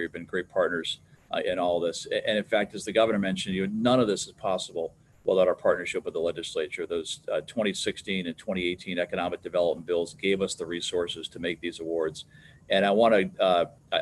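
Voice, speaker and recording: Deep-voiced guy running a govt press event, thankful, stumbles a bit, hands off to the next speaker. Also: a little hiss or hum. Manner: appreciative, quick asides, some stumbles. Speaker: state cabinet secretary emceeing the event. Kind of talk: press event remarks and introductions.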